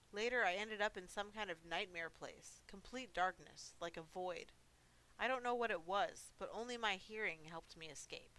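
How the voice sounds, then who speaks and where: A woman with a medium-pitched, pushed, bright voice streams a horror game. She reads its story aloud dramatically, then breaks off for cheeky, giggly asides.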